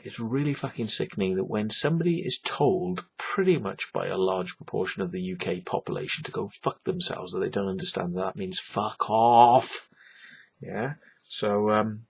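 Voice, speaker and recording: A man's voice: mid-range voice, husky, lo-fi sound. A man ranting on his vlog, profane, sarcastic and rambling. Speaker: vlogger. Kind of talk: ranting monologue.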